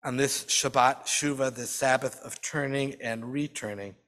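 A man leading a Sabbath service, telling a story in a measured, dramatic way with slow, drawn-out phrases. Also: medium pitch, little pitch movement, a bit bright. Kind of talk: storytelling sermon. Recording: long hall reverb.

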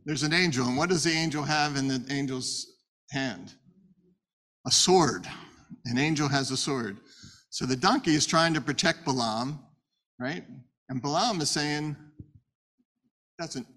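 Male Torah teacher, lively storyteller, rhetorical questions, casual lesson style, medium pitch. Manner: animated, conversational, rhetorical questions.

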